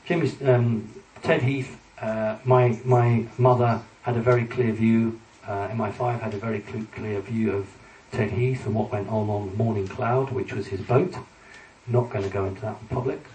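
A man's voice: lowish voice, steady tone, normal speed, darkish tone, a little hiss or hum. A man giving a public talk with slides, earnest and emphatic as he warns his audience. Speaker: lecturer addressing an audience. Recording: echoey hall, distant mic, faint ambience.

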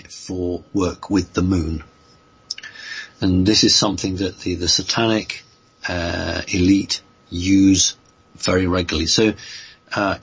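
A man answering listener questions in slow, halting speech, full of fillers and restarts. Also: sits low, a bit bright, breathy edge, lo-fi sound. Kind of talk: unscripted spoken answers.

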